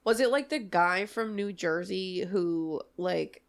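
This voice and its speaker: A young adult woman co-hosting a podcast in casual chat, animated and swearing casually, often laughing. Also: lowish voice, slow pace. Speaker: podcast co-host.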